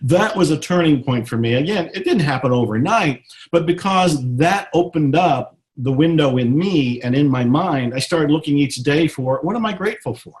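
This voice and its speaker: A middle-aged man from Texas speaks earnestly in an interview, his voice sitting a little high for a man. He is reflective and often slows down to drive home a point. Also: a little mellow. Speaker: guest author. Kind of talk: interview, motivational talk.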